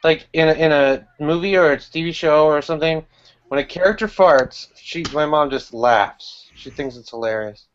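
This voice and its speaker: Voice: medium pitch, moderate pace. A speaker who makes wry, laughing remarks in a casual group voice chat. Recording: dull lo-fi voice chat with faint noise.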